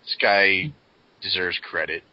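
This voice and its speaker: Male podcast co-host, very low voice, blunt and opinionated, lo-fi recording. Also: unhurried, a crowd in the background. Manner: opinionated, blunt, swears freely. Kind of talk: casual wrestling review chat. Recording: dull lo-fi podcast audio, faint hiss.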